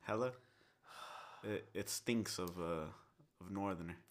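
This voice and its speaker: A man's voice: deep voice, takes it slowly. A young man in casual podcast chat, rambling through stories with lots of 'like' and laughter.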